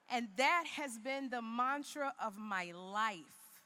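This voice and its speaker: Woman in her fifties, keynote speaker, comic storyteller, preacherly, high and bright, long arena reverb. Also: measured pace. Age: 50s. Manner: animated, humorous, preacherly, acts out quoted voices. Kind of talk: motivational speech with comic storytelling. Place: large indoor arena.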